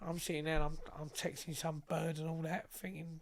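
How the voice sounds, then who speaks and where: A young man tells stories in a loose, casual chat. His voice sits high, and he swears freely as he acts out both sides of each exchange. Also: flat delivery, a little fast. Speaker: podcast guest. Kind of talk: casual storytelling.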